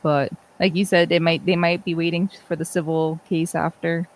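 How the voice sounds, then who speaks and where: A woman's voice: lowish voice, little pitch movement, normal speed, rough recording. A young woman co-hosting a live stream, reading viewer comments in a friendly, chatty way. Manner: friendly and chatty, laughs often. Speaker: co-host reading chat. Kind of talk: casual live-stream chat.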